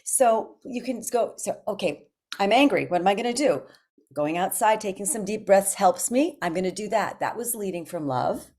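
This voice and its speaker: A woman's voice: mid-range voice, animated, normal speed, a little mellow. A woman guest speaking in an earnest, encouraging way during a casual conversation. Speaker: guest coach.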